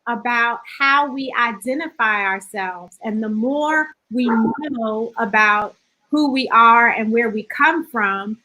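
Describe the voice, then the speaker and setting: A woman's voice: a little high, slow pace, bright, forceful tone, rough recording. A woman hosting an interview, curious and affirming, who asks her guest to spell out names. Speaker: host.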